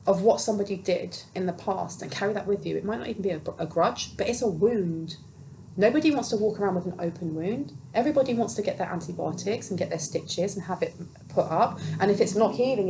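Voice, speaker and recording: A woman's voice: medium pitch, darkish tone, a little hiss or hum, rough recording. Earnest woman giving a tarot reading. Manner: earnest, reassuring, acts out quoted voices. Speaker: tarot reader. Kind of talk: spiritual tarot reading monologue.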